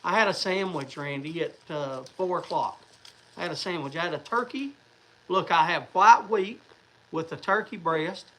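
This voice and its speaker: A man with a fairly high, fairly bright voice chats at a moderate pace on his livestream. The recording is low-quality with a little hiss or hum, and his rambling talk to viewers is loaded with fillers and restarts.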